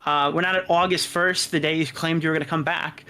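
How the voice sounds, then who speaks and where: A man with a slightly high voice calmly questions a guest on a call. He lays out points one by one and presses for an answer without raising his voice. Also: a little fast, clear, resonant tone. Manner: calm, probing.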